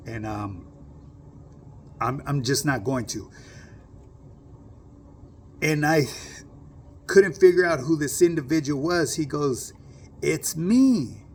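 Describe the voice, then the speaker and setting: A man's voice: on the high side, slow pace, pauses often, husky. A middle-aged man, casually telling a personal story to camera in streetwise slang and often asking "you know what I mean".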